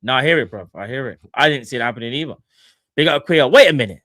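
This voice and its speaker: Young guy on a fan stream, slangy, shouting out chat, dry close mic. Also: mid-range voice, expressive, racing, dry recording. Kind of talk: casual live stream chat.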